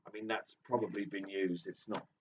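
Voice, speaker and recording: A man co-hosting a casual live stream, playful, with sudden loud exclamations. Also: low voice, little pitch movement, fairly quick, noisy background. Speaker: co-host. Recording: distant, dull lo-fi sound.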